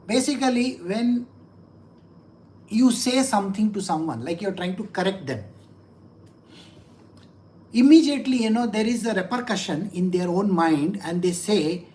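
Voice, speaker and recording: A woman spiritual teacher with a medium-pitched, darkish voice explains scripture to listeners. She asks rhetorical questions, repeats phrases for emphasis, and acts out little quoted exchanges.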